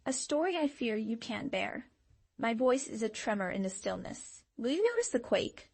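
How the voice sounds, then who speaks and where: A woman reading a scripted channeled love message as a tarot reader, in a slow, dramatic, emotive way. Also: mid-range voice, creaky, dry recording.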